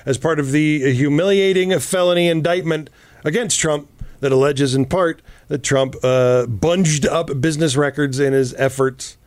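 A man's voice: fairly high pitch, moderate pace, darkish tone, no room sound. A man co-hosting a casual political talk show, reading news items aloud and adding sarcastic asides. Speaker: podcast co-host.

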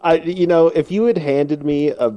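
A man co-hosting a podcast in casual chat, reacting quickly and laughing often. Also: a little high, fairly even intonation, highs cut off, slight background noise. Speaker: podcast co-host.

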